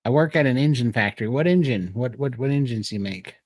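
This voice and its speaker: A man's voice: medium pitch, animated, fairly quick, no echo. A man co-hosting a casual livestream chat over a video call, talking loosely with frequent laughs and rambling asides. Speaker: co-host of a livestream show.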